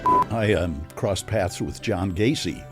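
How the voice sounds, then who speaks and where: Lively low-voiced male podcast host. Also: takes it slowly, over loud music. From Chicago. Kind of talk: casual interview chat.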